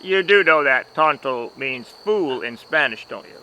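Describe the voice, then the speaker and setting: A man's voice: mid-range voice, animated, measured pace, bright, forceful tone, a little hiss or hum, poor audio. A man playing a fussy, easily flustered masked lawman in a homemade comedy sketch, talking in an exasperated, scolding way.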